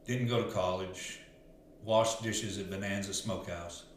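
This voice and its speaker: Male life coach, lowish voice, earnest and rambling, very echoey room with faint hiss. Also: fairly even intonation, unhurried. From Arkansas. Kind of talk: casual storytelling monologue.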